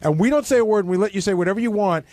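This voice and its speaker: A man's voice: high-pitched, expressive, a little mellow, no echo. A man in casual studio banter, needling and arguing his point. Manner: needling, argumentative, fast.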